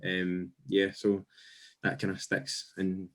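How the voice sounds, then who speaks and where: A man with a fairly low voice chats casually on a podcast. He looks back on old memories and tends to repeat his phrases as he works through them. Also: completely flat delivery, slow pace, a bit bright. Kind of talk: casual chat.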